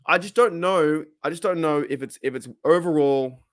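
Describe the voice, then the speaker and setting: A man's voice: on the high side, normal speed, no room sound, clean studio sound. An Australian man hosting a casual live stream, rambling and chatting while reading viewers' comments aloud. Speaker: livestream host.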